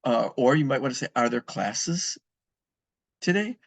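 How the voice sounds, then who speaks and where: A man's voice: mid-range voice, lively intonation, unhurried, gravelly, dry recording. A man teaching a beginner language lesson, patiently repeating and spelling out words for his students. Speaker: Spanish teacher. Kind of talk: recorded classroom lesson.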